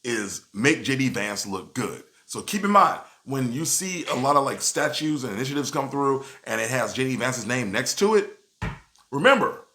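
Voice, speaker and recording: Bright-voiced, animated male commentator. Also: mid-range voice. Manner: animated, with frequent "you know what I'm saying". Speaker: video commentator. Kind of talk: casual commentary.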